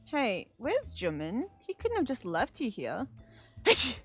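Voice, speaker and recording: A woman reading the lines of a vain, jumpy young male actor from a game, excitable and jumping high when startled. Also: a little slow, husky, faint music behind, exaggerated voice. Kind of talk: dramatic game dialogue read aloud.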